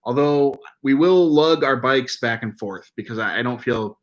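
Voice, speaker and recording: A man's voice: mid-range voice, moderate pace. A man co-hosting a casual livestream chat. He rambles in a self-deprecating way and often restarts his sentences. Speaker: livestream co-host.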